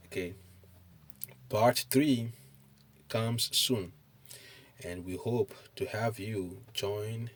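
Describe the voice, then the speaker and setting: A middle-aged man teaching a recorded online language lesson, hesitant, with many pauses and fillers, often checking in with "okay?". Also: lowish voice.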